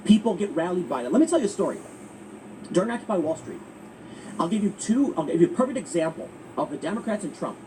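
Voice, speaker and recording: A man hosting political commentary, talking in an emphatic, animated way with frequent restarts. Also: sits high, fast. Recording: distant mic with faint ambient noise.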